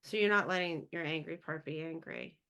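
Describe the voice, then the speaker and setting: A woman guiding the conversation like a therapist, asking gentle reflective questions. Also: low-pitched, brisk, creaky, clean tone.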